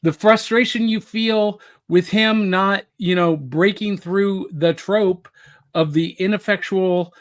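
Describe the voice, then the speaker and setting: A man hosting a podcast, telling stories in a measured, conversational way. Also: high voice. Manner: measured, storytelling. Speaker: podcast host. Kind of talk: casual chat.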